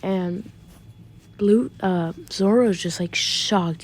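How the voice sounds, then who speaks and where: A woman telling a fan story off the cuff, with a fairly low, dark and mellow voice. She rambles loosely from point to point and often backtracks mid-sentence. Now and then she throws in a casual curse word. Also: fairly even intonation, a little slow. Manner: rambling, many fillers and restarts, occasional swearing. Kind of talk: unscripted casual retelling.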